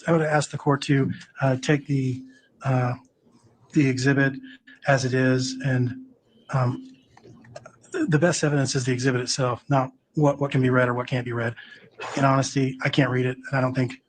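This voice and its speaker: A defense attorney raising an objection in a hesitant, halting way. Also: male voice, mid-range voice, flat delivery, a little hiss or hum, poor audio. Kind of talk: courtroom objection.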